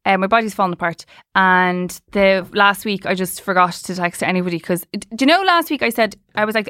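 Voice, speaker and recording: A woman's voice: mid-range voice, brisk, few pauses, a bit bright, clean tone, no echo, clean studio sound. A woman with a Dublin Irish accent co-hosting a podcast, chatting casually, telling stories and swearing freely. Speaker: podcast co-host. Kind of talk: casual chat.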